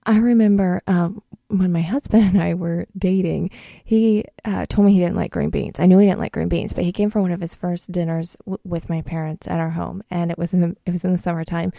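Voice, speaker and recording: A woman's voice: fairly low pitch, vocal fry, mellow, no room sound, clean studio sound. A middle-aged woman from Washington State, telling a homey, rambling story as a home gardener, with many fillers and restarts. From Washington State, USA. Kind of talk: casual storytelling monologue.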